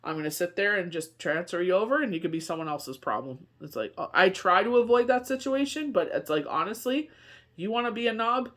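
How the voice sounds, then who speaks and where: A woman's voice: fairly low pitch, lively intonation, brisk, hardly any pauses, a bit bright. Chatty woman reading tarot. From Canada. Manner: rambling, chatty, full of asides and fillers. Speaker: tarot card reader. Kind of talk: casual spoken tarot reading.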